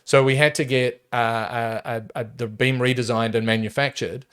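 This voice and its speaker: A man's voice: mid-range voice, moderate pace, smooth. Emphatic man. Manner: emphatic, animated, frequent restarts. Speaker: property developer guest. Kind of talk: casual podcast interview.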